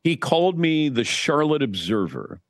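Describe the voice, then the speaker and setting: A man's voice: fairly high pitch, sing-song, normal speed, no echo, clean studio sound. A man in his sixties, a guest sportscaster, telling wry stories in casual chat with frequent restarts.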